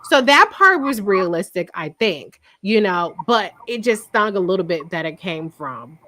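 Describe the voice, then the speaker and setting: A young adult woman hosting a casual TV recap chat, telling stories in an animated, profane way. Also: mid-range voice, a little slow, noisy background. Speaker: podcast host.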